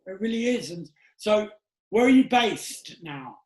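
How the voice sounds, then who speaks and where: A man's voice: high voice, expressive, measured pace, darkish tone, echoey room, low-quality recording. A man hosting a casual interview, talking earnestly and with emphasis. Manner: earnest, emphatic, often asks "do you get what I'm saying". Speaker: podcast host.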